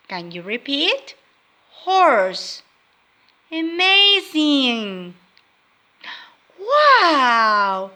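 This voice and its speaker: A woman teaching a vocabulary lesson to young children. She speaks slowly and clearly, asks them to repeat words, and imitates animal sounds. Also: on the high side, very animated, sharp tone. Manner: slow, clearly spoken, prompting children to repeat.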